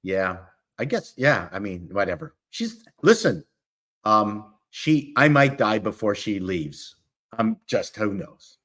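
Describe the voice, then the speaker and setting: Casting: male panel guest, lowish pitch, bright tone, wry offhand delivery. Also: very animated, slow pace. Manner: wry, offhand, stammers on starts. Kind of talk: casual panel chat.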